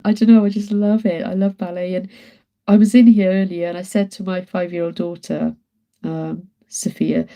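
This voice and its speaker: Working in her home art studio, an artist in her thirties greets her live-stream viewers and chats casually with frequent laughter. She has a warm, mid-range voice. The recording quality is low.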